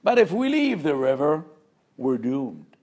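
A man's voice: a little high, big pitch swings, measured pace, darkish tone, voice pushed up. A man voicing a frightened fish in a river, pleading urgently in a raised voice.

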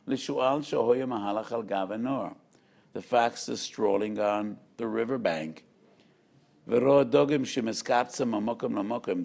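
A man, a rabbi, giving a measured, emphatic Torah lecture with storytelling. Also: lowish voice, gravelly, a little mellow.

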